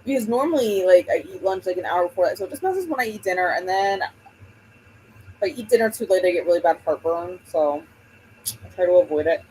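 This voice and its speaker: A woman's voice: fairly low pitch, expressive, fairly quick, dark tone, a little hiss or hum, poor audio. A woman hosting a book livestream, chatting casually and rambling while she greets viewers by name.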